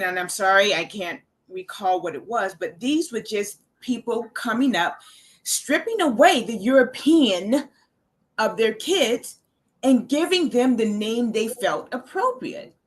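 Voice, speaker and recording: A woman's voice: fairly high pitch, expressive, unhurried. A woman speaking as a guest on a casual panel discussion, earnest, often repeating a word as she starts a thought.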